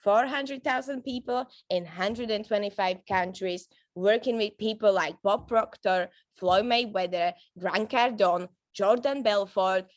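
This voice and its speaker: A woman's voice: mid-range voice, a little slow, few pauses, no echo. A woman with a voice, giving a casual, upbeat training talk to her team, with frequent fillers and restarts. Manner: chatty, upbeat, laughs often, many fillers and restarts. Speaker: network marketing trainer.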